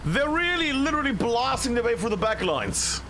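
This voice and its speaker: A man giving live play-by-play commentary on a video game match, chatty and excitable with many fillers. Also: very high-pitched, normal speed, noisy background. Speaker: esports caster.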